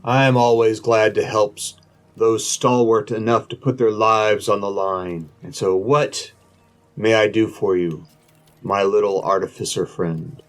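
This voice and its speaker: A gracious old lizard-folk enchanter greets his customers with formal courtesy, as a man puts him on. The voice is low and slow, and every phrase is polite and unhurried. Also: steady tone, close to an everyday voice. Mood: courteous.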